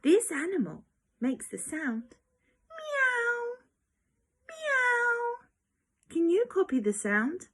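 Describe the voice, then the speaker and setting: A woman with a very high voice teaches young children in a slow, exaggerated, sing-song manner. She swoops widely up and down and keeps her tone encouraging. At times she drops to a hushed whisper. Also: big pitch swings.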